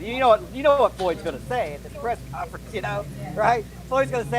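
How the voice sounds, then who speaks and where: A man's voice: high-pitched, expressive, quick pace, few pauses, rough recording. A man co-hosting a combat sports talk show, skeptical and repeating himself as he thinks aloud. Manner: skeptical, talks through restarts and hedges. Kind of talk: casual combat sports commentary.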